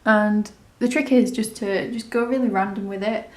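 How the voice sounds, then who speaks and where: A woman's voice: medium pitch, fairly even intonation, moderate pace, darkish tone. Chatty woman in an echoey room. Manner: chatty, rambling, self-deprecating. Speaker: makeup tutorial host. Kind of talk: casual step-by-step tutorial narration.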